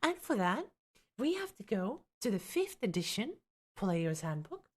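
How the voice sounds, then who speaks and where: A woman's voice: medium pitch, sing-song, measured pace, husky. A young woman with a light Finnish accent, streaming live as a tabletop game content creator, chatting with viewers in a teasing way and reading from a rulebook. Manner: chatty, reacts to viewers, teasing, exasperated laughs.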